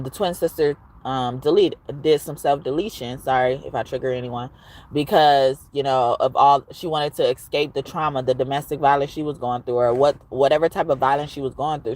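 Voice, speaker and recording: A woman giving a casual, expressive tarot reading, at times reciting rhymes. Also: a bass voice. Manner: expressive, chatty, rhyming recital. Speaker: tarot reader.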